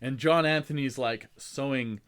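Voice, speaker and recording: A man's voice: mid-range voice, moderate pace, fairly bright tone, clean tone. A man co-hosting a podcast, casually retelling a film's plot with lots of fillers and restarts. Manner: rambling storytelling with many fillers and restarts, acting out characters' lines. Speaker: podcast co-host.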